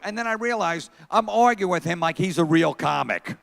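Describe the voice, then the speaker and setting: Brash, profane stand-up comedian. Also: male voice, high-pitched, animated, normal speed, vocal fry, fairly bright tone. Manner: brash, profane storytelling, talks to the crowd. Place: historic theater stage. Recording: long theater reverb.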